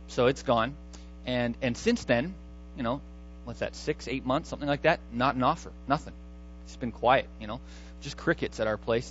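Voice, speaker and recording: Conversational pastor with a muffled sound. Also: male voice, mid-range voice, a little hiss or hum. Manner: conversational, thinking aloud with many restarts. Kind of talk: sermon.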